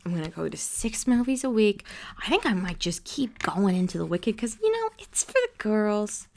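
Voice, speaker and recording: A woman's voice: medium pitch, big pitch swings, moderate pace. A woman playing a wild gossipy aunt, whispered role-play. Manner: rambling, chatty, drifts in and out of whisper. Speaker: ASMR creator.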